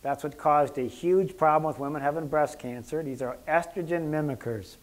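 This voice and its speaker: A man giving a casual health lecture as a doctor, joking and rambling, clearing his throat often. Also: a little high, moderate pace.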